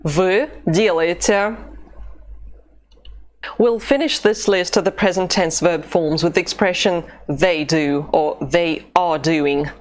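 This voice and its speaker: Slow, deliberate woman language teacher. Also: lowish voice. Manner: slow, deliberate drill pronunciation. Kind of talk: online language lesson.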